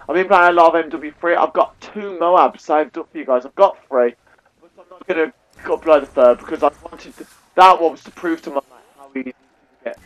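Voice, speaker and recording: A young man with an English accent giving chatty, self-deprecating live commentary over a headset mic while he plays a shooter. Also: fairly high pitch. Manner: chatty, self-deprecating, talks to viewers as "guys". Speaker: gaming YouTuber.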